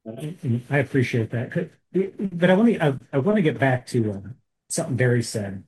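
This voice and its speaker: A man hosting a discussion panel, putting questions to his guests in a relaxed, conversational way. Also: mid-range voice, normal speed, poor audio. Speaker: host and moderator. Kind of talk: casual discussion.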